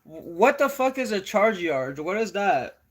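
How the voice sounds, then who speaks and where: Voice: mid-range voice, big pitch swings, a little slow, slight background noise. A young adult live streamer chatting casually, rambling and correcting themself often, with frequent swearing. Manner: rambling, self-correcting, profane.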